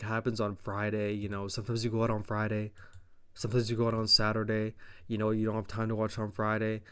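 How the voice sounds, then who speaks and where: A man's voice: lowish voice, smooth. A man hosting a podcast, recapping a wrestling show in a rambling, offhand way with a lot of swearing. His mouth is dry. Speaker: podcast host.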